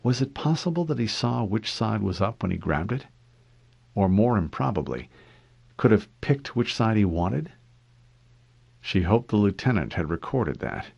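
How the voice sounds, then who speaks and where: Lively low-voiced male audiobook reader. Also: vocal fry, slightly rough, no echo. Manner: expressive reading with lively pitch. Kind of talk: fan audiobook narration.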